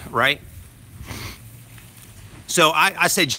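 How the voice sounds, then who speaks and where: A man's voice: a little high, expressive, takes it slowly, pushed and bright, slight background noise. A man, a dad vlogging into his phone outside a grocery store, telling a story in a rambling way and adding "okay?" after his points. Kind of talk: casual storytelling to camera. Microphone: phone held to self.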